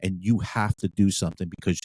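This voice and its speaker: Blunt, profane deep-voiced man. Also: fairly even intonation, brisk, a little mellow, husky, no room sound. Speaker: podcast co-host, former police sergeant. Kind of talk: casual podcast chat.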